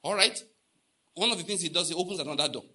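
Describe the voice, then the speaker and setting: A Nigerian pastor preaches fast in a voice on the high side, pushed, bright and a little rough. He tells stories and plays out the dialogue, hammers lines through repetition, and asks his congregation questions.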